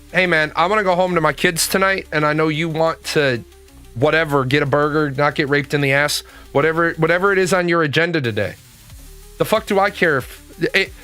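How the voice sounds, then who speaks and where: A man's voice: on the high side, bright, forceful tone. A man hosting a casual chat, talking in a blunt, profane and emphatic way.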